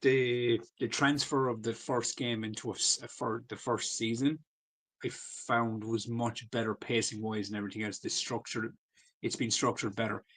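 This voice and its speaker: A man's voice: medium pitch, flat delivery, moderate pace, fairly bright tone. A man, co-hosting a podcast in loose, sweary casual chat full of fillers. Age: 40s. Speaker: podcast co-host.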